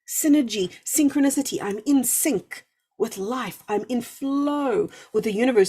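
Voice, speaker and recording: A woman's voice: on the high side, moderate pace, warm tone, slightly rough. A woman hosting a live spiritual talk, effusive and encouraging, drawing out emphatic words and answering viewers' comments. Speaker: spiritual livestream host.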